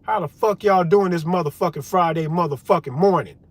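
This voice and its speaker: Brief: male commentary vlogger, somewhat high-pitched, angry profane rant aimed at the audience. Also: fairly quick, dry recording. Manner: fired-up, swearing, talks straight to viewers.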